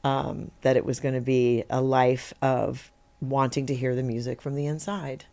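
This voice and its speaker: A middle-aged woman, an actor guest on a podcast, telling stories in a lively, conversational way and acting out the quotes in them. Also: extremely low pitch, moderate pace. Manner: animated, acts out quotes in her story, laughs easily. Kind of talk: conversational interview storytelling.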